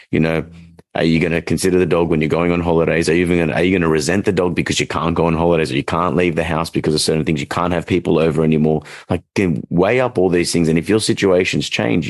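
Aussie guy dog trainer, low voice, rambly podcast talk, dry close mic. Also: no echo. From Australia. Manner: rambling, animated when quoting clients. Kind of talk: casual podcast chat.

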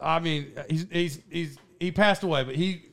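A man's voice: a little high, normal speed, creaky, fairly bright tone. A man hosting a podcast, telling a school story in casual chat, rambling and laughing with many restarts. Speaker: podcast host.

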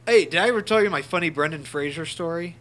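A man's voice: a little high, fast talker, fairly bright tone. A man co-hosting a casual podcast, telling a funny story with plenty of laughs and swearing. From St. Louis area. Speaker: podcast co-host. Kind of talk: casual chat.

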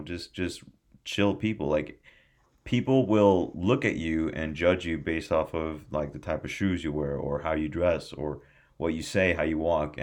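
A man from California hosting a casual podcast chat, rambling, swearing freely and getting animated. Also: sits low. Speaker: podcast host.

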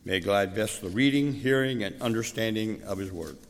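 Guy reading a psalm, slow and solemn, echo of a big church. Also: on the low side, a little hiss or hum. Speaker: scripture reader. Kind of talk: scripture reading. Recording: hall reverb.

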